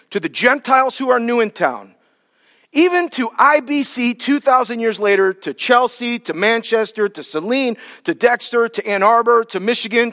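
A man preaching a sermon as pastor, emphatic, drawing key words out slowly for weight. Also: very high-pitched, a bit bright. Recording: long reverb of a large hall.

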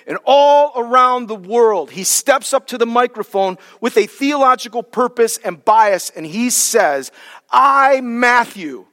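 A man preaching a sermon as pastor, emphatic, drawing key words out slowly for weight. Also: extremely high pitch, expressive, a bit bright. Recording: long reverb of a large hall.

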